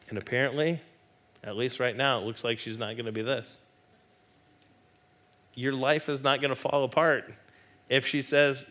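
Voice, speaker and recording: A middle-aged man preaches in a church with a bright, forward voice. He jokes with the room and slips into little acted voices to make his point. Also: mid-range voice, a little slow, long pauses. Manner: animated, joking, acts out quoted voices. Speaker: pastor. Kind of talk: sermon.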